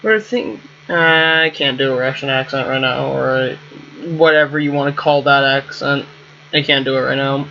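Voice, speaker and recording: Bright-voiced man musing through a game. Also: medium pitch, moderate pace, creaky, lo-fi sound, a little hiss or hum. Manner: musing to himself, trailing off. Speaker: gameplay host. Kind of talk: casual thinking aloud while playing.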